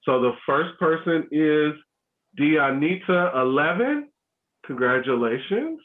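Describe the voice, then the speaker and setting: A man's voice: fairly high pitch, sing-song, takes it slowly. Guy running a family workshop on a video call, loose and chatty with lots of ums, sound thin like a phone line. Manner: casual, many ums and restarts. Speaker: host of a school family learning session. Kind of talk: online workshop talk.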